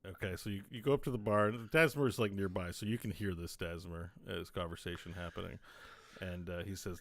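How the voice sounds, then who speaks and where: Low-voiced man as game master. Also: steady tone, a bit bright, dry recording. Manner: casual, halting narration. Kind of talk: narrating a tabletop game.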